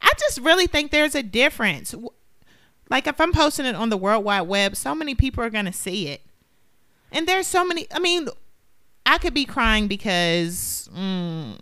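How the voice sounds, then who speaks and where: A woman co-hosting a podcast, talking in a casual, animated and opinionated way. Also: mid-range voice, moderate pace, clear, resonant tone, dry recording, studio quality. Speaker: podcast co-host. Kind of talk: casual chat.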